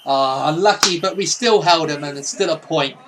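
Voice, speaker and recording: A man giving casual, excitable, sweary commentary over his own football gameplay. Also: fairly high pitch, moderate pace, music in the background. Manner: excitable, sweary, mock-patriotic. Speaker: gaming YouTuber.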